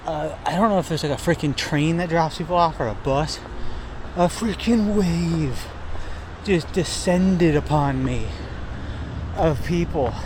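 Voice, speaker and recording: Outdoors by a river near a town, a young man on a thru-hike vlogs a casual trail diary in a highish voice over a noisy background. He rambles, mocks himself, swears a lot and uses plenty of fillers.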